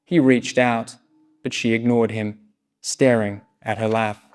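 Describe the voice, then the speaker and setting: Man, story narrator, live reading, steady, soft-spoken. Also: fairly low pitch, measured pace, smooth. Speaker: story reader.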